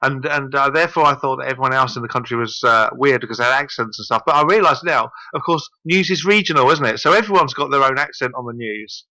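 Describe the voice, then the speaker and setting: A man's voice: medium pitch, fast talker, hardly any pauses, pushed and bright, no echo, low-quality recording. A man with a southern English accent, a radio guest talking about his paranormal group in a chatty, rambling way. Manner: chatty, self-deprecating, rambling. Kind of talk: casual radio interview.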